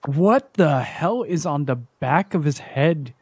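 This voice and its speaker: A man's voice: fairly high pitch, lively intonation, slow pace, a little mellow, breathy edge, no echo. Joking man streaming a game. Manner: joking, laughs often. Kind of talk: casual gameplay commentary, reading game dialogue aloud.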